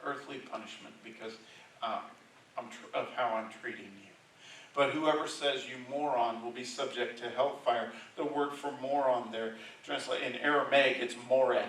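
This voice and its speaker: A man preaching a sermon as pastor, conversational, checking in with "right?", and swelling to loud emphatic passages. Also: medium pitch, fairly even intonation, moderate pace. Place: church sanctuary. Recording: very echoey church hall, mic far off, faint hiss.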